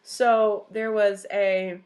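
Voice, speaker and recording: A young woman co-hosting a podcast, telling history in a casual, animated way, swearing freely. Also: mid-range voice, very slow. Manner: animated storyteller who swears and acts out quotes. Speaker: podcast co-host.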